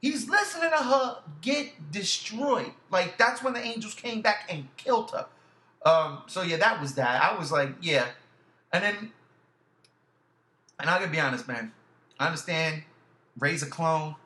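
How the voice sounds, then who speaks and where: Guy with a high bright voice, swears a lot, gets loud fast, echoey room. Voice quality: loud animated outbursts, heavy swearing. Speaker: podcast co-host. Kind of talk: casual chat.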